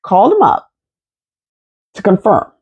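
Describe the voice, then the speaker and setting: A woman in her fifties telling a personal story to camera in an animated, expressive way, swearing freely. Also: medium pitch, unhurried, breathy edge, dull audio. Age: 50s. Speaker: vlogger.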